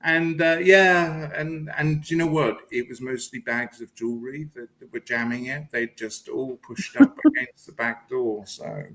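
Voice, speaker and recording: A man on a video call chats casually, telling self-mocking stories about himself and laughing along. His medium-pitched, fairly bright voice runs at a measured pace with hardly any pauses, and the audio quality is poor.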